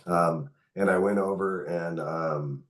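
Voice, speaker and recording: Middle-aged male podcast guest, low voice, candid and animated storyteller. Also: slow. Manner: candid, animated retelling with quoted dialogue. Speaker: podcast guest, author and caregiver. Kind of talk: conversational storytelling.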